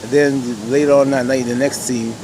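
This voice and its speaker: Guy rambling through a tv recap, aave, tons of "you know", mid pitch, noisy hum behind. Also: flat delivery, normal speed. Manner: rambling, many "you know" fillers, addresses viewers as "y'all". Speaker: TV show reviewer. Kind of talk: casual episode recap.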